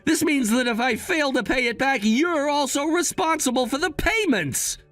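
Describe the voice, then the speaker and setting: A man's voice: very high voice, normal speed, a bit bright, no room sound, soft background music. A man voicing a young adult son who coolly and firmly lectures his mother. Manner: cool, firm, lecturing.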